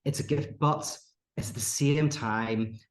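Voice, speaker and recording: A man, a podcast guest telling stories in casual conversation, acting out the people he quotes. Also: a little slow. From Northern Ireland. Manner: animated, acts out quoted characters with rising pitch. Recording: roomy echo.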